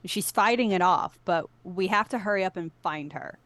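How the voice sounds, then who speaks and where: A woman's voice: lowish voice, normal speed, fairly bright tone, no room sound. A woman speaking as a player in a tabletop game, talking urgently and persuasively.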